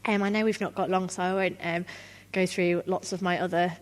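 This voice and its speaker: A woman's voice: lowish voice, level tone, fairly quick. Chatty woman in a hall. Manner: chatty, engages the audience directly. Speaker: conference speaker leading a workshop. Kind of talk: conversational workshop talk. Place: conference hall. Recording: reverberant conference hall.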